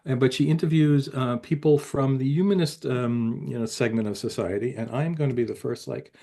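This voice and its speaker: A man's voice: mid-range voice, fairly quick, vocal fry, mellow. A man on a video call, a regular at an online game, chatting easily and reading a promo in an announcer tone. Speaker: game regular and podcast co-host. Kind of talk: casual chat with a read-out promo.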